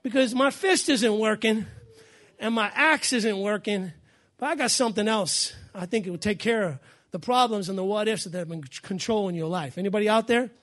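A man preaching a sermon as pastor, fiery and emphatic, shouting and repeating his phrases in a church. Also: high voice, brisk.

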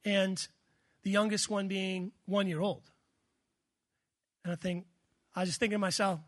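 Male pastor, sermon delivery; high voice, dry close sound, animated storyteller. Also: unhurried, pauses often, no room sound.

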